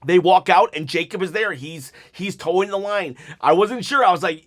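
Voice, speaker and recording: A man with a fairly high voice rambles through a wrestling recap in a one-take vlog. He talks loosely and animatedly, piling on asides and stopping to act out what the wrestlers said. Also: fairly quick, few pauses. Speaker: wrestling commentary youtuber.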